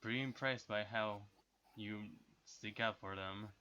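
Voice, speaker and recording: A man's voice: fairly low pitch, fairly even intonation, pushed and bright, clean tone, highs cut off. Man playing awkward stiff prosecutor Edgeworth. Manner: halting, awkward, narrates own actions. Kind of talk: voicing a character in a tabletop game.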